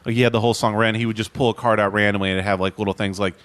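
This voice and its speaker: Man, low voice, podcast co-host, casual rambling explanations. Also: steady tone, racing, fairly bright tone, no echo. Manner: explains with loose, rambling asides.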